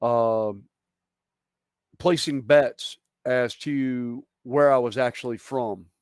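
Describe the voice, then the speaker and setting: A man's voice: mid-range voice, slow, clear, resonant tone, dry recording. Southern American man, casual storyteller, dry close mic. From southern United States. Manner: storytelling, animated anecdotes. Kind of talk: casual chat.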